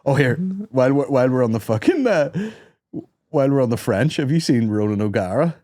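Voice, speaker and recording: Animated man, dry sound. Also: medium pitch, fairly quick, no echo. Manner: animated, swearing, breaks into silly voices. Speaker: podcast host. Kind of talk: casual comedic chat.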